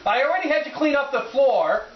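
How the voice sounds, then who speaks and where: A woman's voice: high-pitched, animated, brisk. A woman talking to her pet bird at home, coaxing and scolding it in a playful, mock-stern way. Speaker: pet owner. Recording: echoey, dull home video from off-mic with dishes clattering.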